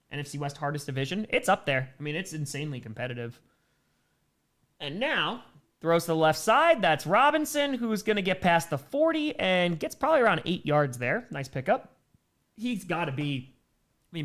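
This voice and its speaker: A man's voice: fairly high pitch, a bit bright. Upbeat man calling football plays live. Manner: calls plays in a running broadcast cadence, then reads viewer messages. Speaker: live stream host doing play-by-play. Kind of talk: casual play-by-play commentary with chat reading.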